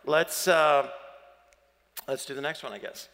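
A man's voice: on the high side, measured pace, a bit bright, long reverb tail, faint music behind. A man with a Southern accent preaching a sermon as pastor, chatty and playful, quizzing the congregation.

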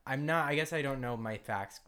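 A man's voice: mid-range voice, a little fast, bright, forceful tone, smooth. A man co-hosting a podcast, chatting casually, laughing often and trailing off mid-sentence. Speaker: podcast co-host. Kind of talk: casual chat.

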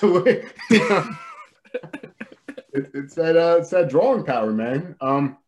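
A man's voice: a little high, lively intonation, a little slow, a little hiss or hum. A man co-hosting a casual film discussion podcast, talking in a loose, rambling, hesitant way. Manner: rambling, hesitant, many fillers and restarts. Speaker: podcast co-host.

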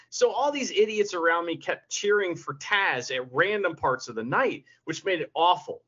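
A man's voice: high voice, lively intonation, normal speed, few pauses, a bit bright, breathy edge. A man co-hosting a podcast, telling stories in casual chat, laughing often and swearing freely. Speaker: podcast co-host. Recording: lo-fi podcast audio.

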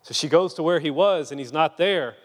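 A young man preaching a sermon in a casual, storytelling way, sometimes lively and sometimes hushed and earnest. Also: a little high, brisk, big-room sound.

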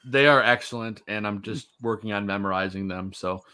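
A man's voice: on the low side, brisk, a loud crowd. A man in his thirties casually hosting a sports podcast, easygoing and rambling with lots of fillers. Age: 30s. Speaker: podcast host.

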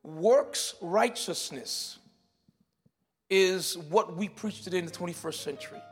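A man preaching a sermon in a church, moving between shouted declarations and quiet teaching, often repeating words as he explains. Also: high voice, a little fast, slightly rough, faint music behind. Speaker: pastor. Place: church sanctuary.

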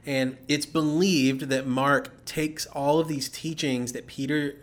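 A man's voice: fairly high pitch, fairly even intonation, takes it slowly. A man co-hosting a casual podcast, explaining scripture steadily and checking in with "okay?" as he goes. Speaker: podcast co-host. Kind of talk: casual Bible-teaching chat.

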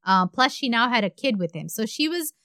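A woman's voice: fairly high pitch, brisk, clean tone, no room sound, clean studio sound. Indian woman telling a true crime story. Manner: animated, conversational, trailing off at phrase ends. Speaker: podcast host.

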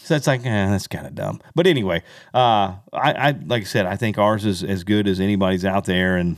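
Fairly low in pitch and fairly quick, this male podcast co-host rambles in casual chat with lots of fillers and restarts. The sound is clean studio audio with no room sound.

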